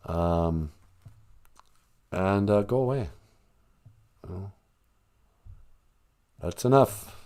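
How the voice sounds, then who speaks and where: A man's voice: low voice, animated, drawn-out words, pauses often, mellow. A man hosting a casual livestream from a small room at home, rambling and joking as he muses aloud with a lot of laughing. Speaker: livestream host.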